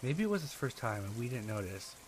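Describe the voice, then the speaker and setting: A man reads out scary true stories in a dramatic, scripted way. His pitch swings widely as he builds tension. Soft rain patters faintly in the background. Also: a little fast, slight background noise. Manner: dramatic, expressive storytelling. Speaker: horror story narrator. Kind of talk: scripted horror narration.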